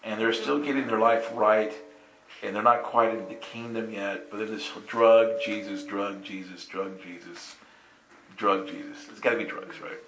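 A man's voice: fairly low pitch, moderate pace, background noise. A man telling a personal story in casual conversation, acting out the voices of the people in it, laughing often and checking in with "right?". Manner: animated, acts out quotes with voices, laughs often, asks "right?". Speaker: storyteller recounting a personal experience. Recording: roomy echo.

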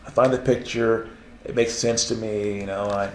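In a casual conversation, a man who self-publishes Christian books tells an animated story, laughing and imitating the voices he heard. His voice is fairly low at a moderate pace, with roomy echo and faint background noise around it.

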